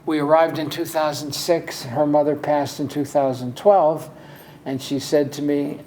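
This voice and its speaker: Older man, interview guest, mellow dark voice, relaxed storyteller. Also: fairly high pitch, normal speed, slight background noise. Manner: relaxed, anecdotal, with chuckles.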